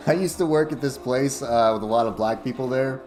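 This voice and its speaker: A man's voice: mid-range voice, a little mellow. A young man chatting casually and profanely on a livestream, rambling and laughing often. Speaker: streamer. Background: music playing.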